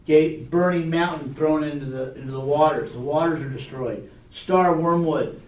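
A man's voice: fairly high pitch, moderate pace, darkish tone. Man teaching a Bible class. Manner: conversational, checks in with rhetorical questions. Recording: echoey room, mic far off.

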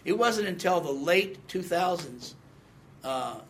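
A man's voice: sits high, lively intonation, slow, a little hiss or hum. A man in his sixties giving a conversational Bible teaching, quizzing the class and reading scripture with emphasis. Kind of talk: teaching sermon with audience questions.

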